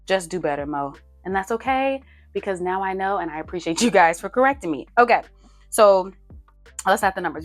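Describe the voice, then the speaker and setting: A young woman with a low voice chats through her budget, playful and teasing herself as she reads out figures. Her tone stays casual, like talking to friends from her desk. Faint music plays softly underneath. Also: expressive, moderate pace, long pauses. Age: young adult. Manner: chatty, playful, self-teasing, counts numbers aloud. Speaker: budgeting vlogger. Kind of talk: casual chat while budgeting on paper.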